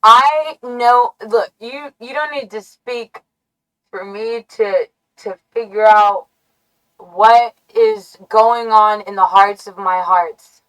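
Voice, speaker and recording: A woman streamer doing chaotic ASMR trolling, playful and nonsensical, swinging from soft murmurs to sudden shouts. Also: medium pitch, steady tone, slow, low-quality recording.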